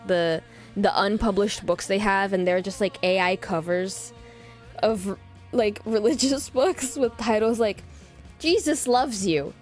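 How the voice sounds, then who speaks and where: A woman in her twenties telling a story casually on a livestream, chatty and animated, acting out quoted lines with big pitch jumps.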